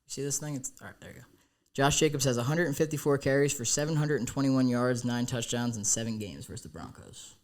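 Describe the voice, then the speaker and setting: A man's voice: medium pitch, quick pace, hardly any pauses. A man co-hosting a casual sports podcast, brash and swearing freely as he hypes his picks. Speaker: podcast co-host.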